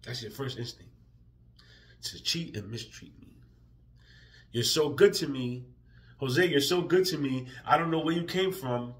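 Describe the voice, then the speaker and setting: Emotional man ranting, bright voice. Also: medium pitch, a little slow, long pauses. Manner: profane, swings from quiet and weary to loud and heated. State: emotional, near tears. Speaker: vlogger. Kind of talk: emotional vlog rant.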